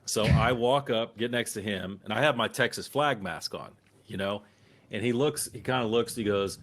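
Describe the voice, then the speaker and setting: Profane, animated man telling stories. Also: lowish voice, moderate pace. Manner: animated, profane anecdote-telling with acted-out quotes. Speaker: occasional co-host. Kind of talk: casual podcast storytelling.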